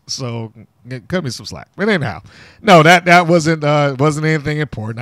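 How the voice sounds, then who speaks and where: A man's voice: a little high, fairly bright tone, dry recording, clean studio sound. A man co-hosting a casual wrestling show review, sarcastic and rambling with restarts and asides. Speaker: wrestling podcast co-host.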